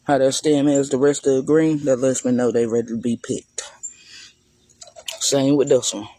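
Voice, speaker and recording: A man's voice: mid-range voice, little pitch movement, normal speed, mellow, dry recording. A man giving a casual, chatty walk-through of his garden for viewers, talking loosely and calling them y'all. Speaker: gardening vlogger. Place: outdoor garden.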